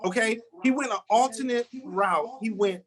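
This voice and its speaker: High-voiced man doing stand-up over a video call. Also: normal speed, fairly bright tone, rough recording. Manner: rambling storytelling with frequent restarts. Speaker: stand-up comedian.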